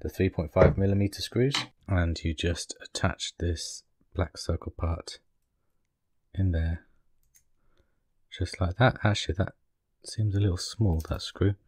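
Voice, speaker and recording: Man, low voice, dry close sound, chatty hobbyist doing a kit build tutorial. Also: fairly even intonation, measured pace, pauses often, darkish tone, dry recording. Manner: chatty, apologetic asides while working. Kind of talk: casual step-by-step build tutorial.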